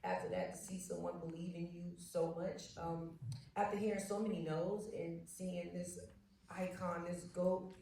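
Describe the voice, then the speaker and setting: A woman actor on a panel telling stories in a lively way and laughing often. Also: on the low side, moderate pace, a little hiss or hum. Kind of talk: animated anecdote telling. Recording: echoey hall, mic far off.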